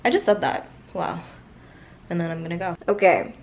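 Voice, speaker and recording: A woman's voice: on the low side, fairly even intonation, normal speed, a little mellow, slight background noise. Breathless chatty young woman vlogging. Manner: chatty, laughs often, slangy. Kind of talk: casual vlog chat.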